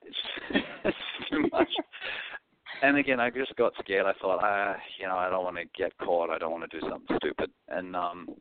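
A man's voice: low voice, brisk, hardly any pauses, background noise. A man with an Australian accent, a comedian telling stories as an interview guest and acting out the voices in them. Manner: animated, acts out voices in his anecdotes. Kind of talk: storytelling interview. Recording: phone-like, dry line.

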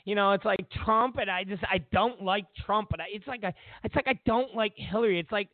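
Man doing a ditzy valley-girl woman, halting and whiny, on a thin phone line. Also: high voice, no room sound. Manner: rambling, halting, full of "like".

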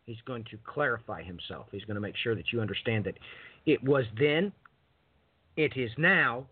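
A man's voice: medium pitch, lively intonation, normal speed. A man hosting a casual on-air religious talk show, rambling and chatty as he prompts his guest. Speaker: radio show host. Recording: husky voice over phone-like line.

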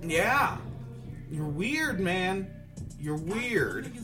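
A man's voice: sits high, sing-song, extremely slow, music in the background. A man hosting a casual podcast show review, talking animatedly and with profanity, often acting out quoted lines. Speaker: podcast host.

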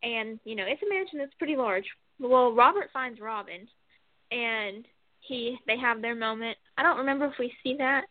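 A woman co-hosting a casual chat show, rambling and animated as she retells scenes with lots of fillers. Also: fairly high pitch, normal speed, no room sound. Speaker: co-host. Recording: phone-like dry sound.

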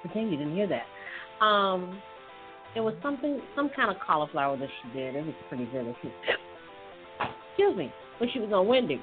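Woman, host, rambling casual chat, lowish voice, tinny phone-like sound, faint music behind. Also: big pitch swings, normal speed, pauses often. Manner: chatty and rambling, with many fillers and restarts. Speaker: host giving health tips.

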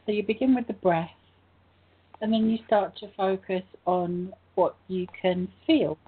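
Husky woman on a tinny line. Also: mid-range voice, a little slow. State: croaky voice. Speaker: co-host. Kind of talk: spiritual talk show chat.

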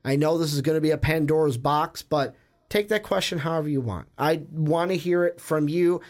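A man's voice: on the high side, brisk. A young man co-hosting a casual sports podcast, talking in a rambling, chatty way and often correcting himself. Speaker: podcast co-host.

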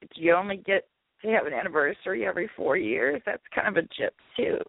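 A woman's voice: mid-range voice, animated, fast, vocal fry, no room sound. Easily amused female co-host with a cold, near-tearful; dry, narrow phone-line audio. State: sick, congested, tearful-sounding. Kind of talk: casual talk-radio chat.

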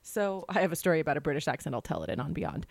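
Lowish-voiced woman podcast co-host. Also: animated, rapid-fire, creaky, darkish tone. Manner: chatty, rambling, with restarts. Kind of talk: casual chat.

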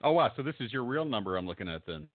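A middle-aged man co-hosting a casual chat, trading dry, deadpan jokes. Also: mid-range voice, racing, dry recording, phone-quality sound. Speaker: podcast co-host.

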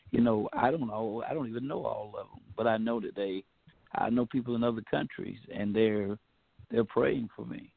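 Male pastor, casual preachy talker, gravelly, heard over a dry phone line. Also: medium pitch, no room sound. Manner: preachy, repeats words, says "man" often. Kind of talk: casual chat.

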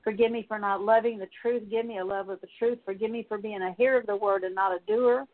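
A woman praying aloud as a minister, leading a spoken prayer of confession as a steady litany of repeated petitions. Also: medium pitch, quick pace. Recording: tinny phone-like sound.

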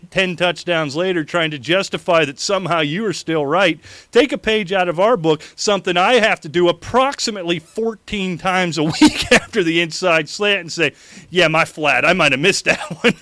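A man hosting a fantasy football show who rants in an animated way and laughs often. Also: sits high, normal speed, hardly any pauses, dry recording. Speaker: fantasy sports show host. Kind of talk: casual sports talk.

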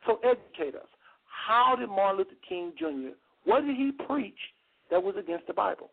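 Insistent male radio host on a phone-quality line, high and very animated, presses his point over and over. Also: moderate pace, creaky. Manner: insistent, repeats himself to interrupt. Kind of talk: heated call-in radio debate.

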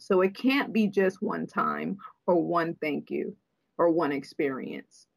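A middle-aged woman, a neuroscientist guest in an interview, speaking thoughtfully with fillers and slowing down to stress key points. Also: fairly low pitch, poor audio. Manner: thoughtful, frequent fillers, slows for emphasis. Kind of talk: interview conversation.

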